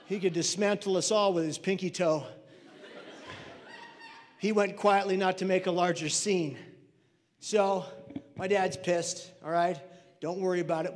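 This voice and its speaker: Animated storytelling man in a big hall. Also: sits high. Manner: animated, shouts punchlines. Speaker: mental health speaker. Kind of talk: storytelling talk on stage. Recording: reverberant hall.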